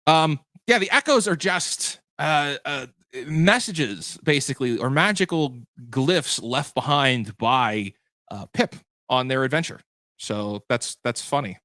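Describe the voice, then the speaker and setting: Male game master hosting a livestream recap; bright, forward voice, loose and chatty with frequent restarts. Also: mid-range voice, measured pace, no room sound. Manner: chatty, self-correcting, answers viewer questions. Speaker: game master and show host. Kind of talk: livestream post-show chat.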